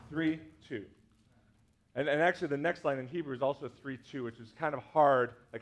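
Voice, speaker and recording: A man's voice: fairly high pitch, fairly quick. Chatty man teaching a church workshop. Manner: chatty, many fillers like "like" and "right?". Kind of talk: casual teaching talk to a congregation.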